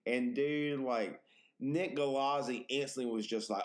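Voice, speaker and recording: A man's voice: mid-range voice, normal speed. A man hosting a podcast, telling exaggerated, profane stories in casual chat. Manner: animated, profane, exaggerated storytelling. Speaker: podcast host.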